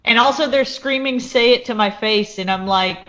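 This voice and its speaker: A woman's voice: fairly high pitch, moderate pace, a bit bright. A woman co-hosting a podcast, talking casually in a rambling way with many restarts. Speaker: podcast co-host. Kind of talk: casual chat.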